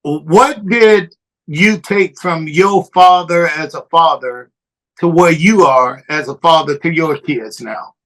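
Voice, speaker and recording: A male podcast co-host with a slightly high voice leans into a casual interview, tossing in short encouraging asides before he asks a thoughtful question. He keeps his tone easy and unhurried. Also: fairly bright tone, rough recording.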